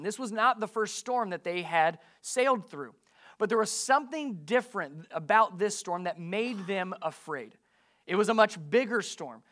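A man's voice: sits high, a bit bright. A man preaching a sermon in church, reading scripture and posing rhetorical questions to his congregation in a conversational way. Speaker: pastor.

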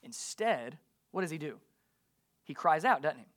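A man's voice: on the high side, animated, unhurried, fairly bright tone. A man preaching a sermon as a pastor, emphatic and full of rhetorical questions to his listeners.

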